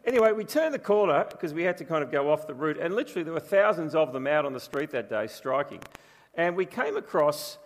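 A man's voice: a little high, expressive, fairly quick. A man preaching a sermon as pastor, telling stories in a chatty, humorous way. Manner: chatty storytelling with humour. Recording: long reverb from a large room.

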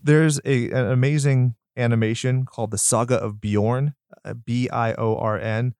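A man co-hosting a podcast, chatting casually about a movie, excitable and quick to rant and swear. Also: mid-range voice, clean tone, no room sound, studio quality. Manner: excitable, swears, gets loud when ranting. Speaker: podcast co-host.

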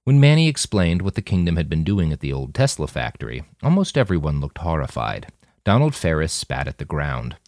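A man narrating an audiobook in an even storytelling manner. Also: fairly quick, no room sound, clean studio sound. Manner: deep, even storytelling with wide pitch swings.

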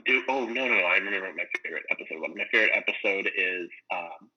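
A man chatting casually, rambling and animated as he retells funny scenes, full of "like" and "um". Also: deep voice, very fast, muffled recording. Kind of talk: casual chat about a sitcom.

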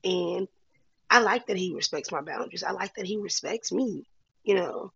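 A woman's voice: on the low side, moderate pace, creaky, a bit bright, breathy edge, no room sound, muffled recording. A woman talking candidly to her viewers in a casual vlog, encouraging and full of slang. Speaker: vlogger. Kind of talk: casual heartfelt talk to camera.

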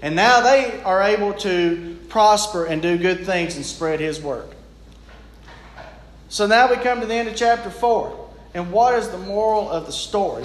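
A man's voice: high-pitched, slight background noise. A man preaching a sermon in an earnest, plain-spoken, folksy way. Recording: echoey room.

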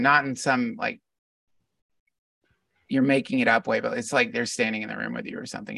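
A man's voice: medium pitch, vocal fry, a bit bright, no room sound, clean studio sound, far from the mic. A middle-aged man, a podcast guest, talking casually in a reflective, meandering storytelling way. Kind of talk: casual conversation.

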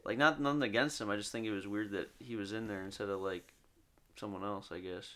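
Young male podcast host from Michigan, somewhat low voice, casual and jokey, trails off a lot. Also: fairly even intonation, a bit bright. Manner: laid-back, halting, jokey. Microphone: studio podcast mic.

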